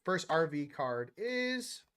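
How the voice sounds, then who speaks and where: Man, young adult, casual monologue host, slangy, rambling, somewhat high-pitched. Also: big pitch swings, slow pace, fairly bright tone, clear, resonant tone. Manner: loose, slangy, rambling with quoted asides. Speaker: spiritual channel host.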